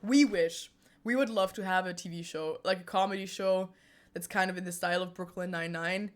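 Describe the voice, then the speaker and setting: A woman's voice: fairly low pitch, a little fast. A young woman from Germany streaming live, chatting casually with viewers and laughing often as she answers them. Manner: giggly, chatty, answers chat with frequent laughter.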